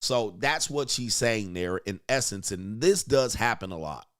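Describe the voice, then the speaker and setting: A man's voice: lowish voice, animated, a little slow, a bit bright. Crude, joking male commentary host. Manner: crude, joking, mimics voices. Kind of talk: casual reaction commentary.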